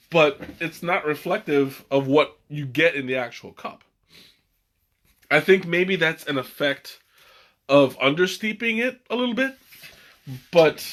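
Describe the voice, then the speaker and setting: A young man hosting a casual live stream, excitable and rambling, with many restarts and fillers. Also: mid-range voice. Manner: excitable, laughs often. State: has the hiccups. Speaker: tea stream host.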